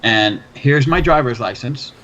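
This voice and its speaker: A man's voice: mid-range voice, lively intonation, a little slow, fairly bright tone. Profane man telling a bar story. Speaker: podcast host. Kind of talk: casual storytelling chat. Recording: slightly dull, faint background noise.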